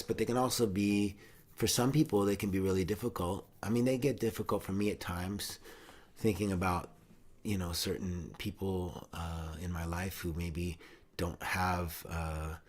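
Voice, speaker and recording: A middle-aged man hosting a casual chat, rambling with many fillers and restarts. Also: sits low. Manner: rambling, warm-hearted, breaks into singing. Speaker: host.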